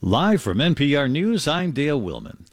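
A man's voice: fairly high pitch, sing-song, moderate pace. A man reading a radio news bulletin as newscaster, with emphatic delivery.

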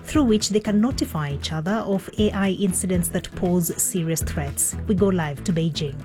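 A woman with a lowish voice presents the day's headlines in a crisp, measured manner. A faint music bed runs underneath. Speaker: news program host. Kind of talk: scripted news presenting.

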